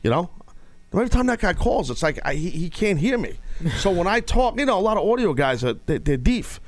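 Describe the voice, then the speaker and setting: A man's voice: sits high, very animated, fairly quick. A male radio show host in casual sports talk, rambling and stop-start as he takes calls.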